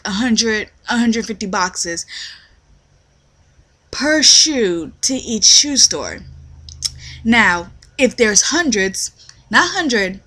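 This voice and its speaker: A young woman with a lively, slangy, profane storytelling manner, acting out quotes as she rants in a casual vlog. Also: mid-range voice. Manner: animated storytelling, acts out quotes. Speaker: retail worker.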